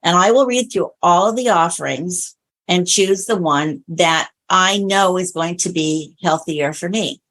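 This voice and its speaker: A fairly low-pitched, unhurried woman appears as an interview guest, chatting about her work coaching clients on diabetes-friendly meals. Her manner is that of a chatty storyteller, with animated retellings in a conversational exchange.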